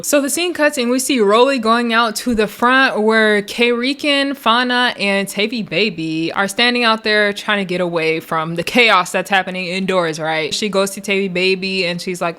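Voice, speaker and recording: A young woman casually recapping a reality show, chatty and animated, laughing often and acting out quotes in loud high bursts.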